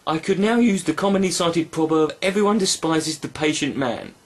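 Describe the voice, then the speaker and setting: A man reading the lines of a pompous, self-important male deity in a lowered, solemn voice. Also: lively intonation, moderate pace.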